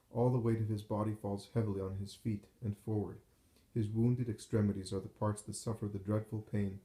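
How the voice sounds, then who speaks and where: Give me a solemn male narrator reading devotional text, low and mellow, with a roomy echo. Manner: slow, solemn, measured reading.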